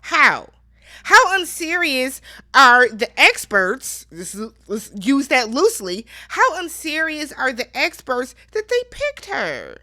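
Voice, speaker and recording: A young adult woman hosting a casual TV recap, giving sassy, animated commentary full of exclamations. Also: high voice, slow. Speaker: recap show host. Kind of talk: casual chat recapping a TV show.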